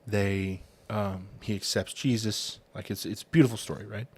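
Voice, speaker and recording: Man, podcast co-host, lowish voice, storytelling, casual. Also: steady tone, moderate pace, a little mellow, slightly rough. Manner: telling a story with fillers and restarts.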